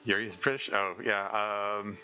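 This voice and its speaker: A man's voice: lowish voice, steady tone, normal speed, pushed and bright, muffled recording. A man streaming live, commenting on a game in a rambling, laugh-filled way with many restarts.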